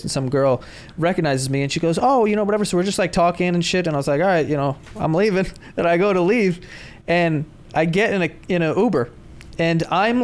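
A man, co-hosting a podcast and telling a story in casual, swearing chat, acting out the voices of the people in it. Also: a little high. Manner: animated, swearing, acts out voices in his stories. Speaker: podcast co-host.

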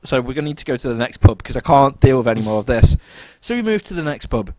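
A man's voice: quick pace, no echo. Man, podcast co-host, casual storytelling, dry close sound. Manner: animated, jumps into high-pitched quoted voices.

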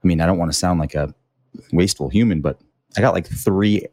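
Young guy, very low, dry close sound, easygoing and laughing, on a video call from home. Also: brisk, darkish tone, no echo. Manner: laid-back, says "dude" a lot, laughs often. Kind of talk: casual chat. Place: apartment in New York City.

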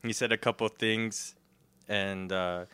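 Young guy telling a story, tons of likes, giggly, crisp voice. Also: fairly low pitch, fairly even intonation, slow pace, bright, forceful tone, no room sound. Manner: rambling, lots of fillers, giggly. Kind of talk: casual chat.

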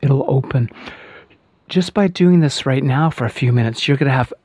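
A man teaching a guided breathing exercise as a voice and breathing coach, counting breaths slowly and reassuring the listener between counts. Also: mid-range voice, slightly rough, no room sound. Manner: calm counting with reassuring asides.

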